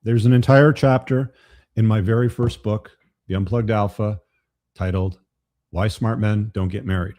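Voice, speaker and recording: Dark-voiced blunt male host. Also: fairly low pitch, fairly even intonation, moderate pace. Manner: blunt, profane, emphatic. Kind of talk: live show commentary.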